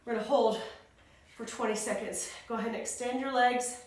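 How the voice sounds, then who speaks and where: A woman's voice: fairly high pitch, steady tone, brisk, heavy reverb, distant mic. A woman leading a pilates and yoga workout, counting reps and calling out moves while out of breath. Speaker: fitness instructor. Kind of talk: workout instruction.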